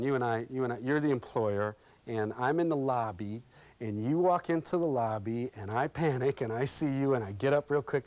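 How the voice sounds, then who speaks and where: A man running a live workshop on interview skills, speaking in an ordinary mid-range voice. He is animated and folksy, acts out little scenes for his listeners and checks with them after nearly every point. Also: medium pitch, no room sound. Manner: lively and interactive, checks in with "okay?" constantly. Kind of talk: live workshop talk with role-play demonstrations.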